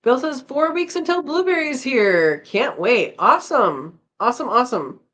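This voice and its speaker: A woman's voice: high voice, expressive, moderate pace, a bit bright. A tired woman hosting a casual live chat, reading out viewer comments and chatting back with a laugh. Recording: slightly dull lo-fi audio.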